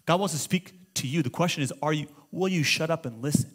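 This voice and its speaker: A middle-aged man preaching a sermon as pastor, moving between loud exclamations and hushed storytelling. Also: fairly high pitch, a little fast. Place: church auditorium.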